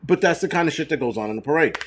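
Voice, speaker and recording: A man's voice: on the high side, lively intonation, very fast, husky. A middle-aged man hosting a casual livestream, answering viewers in a blunt, profane, rambling way. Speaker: channel host.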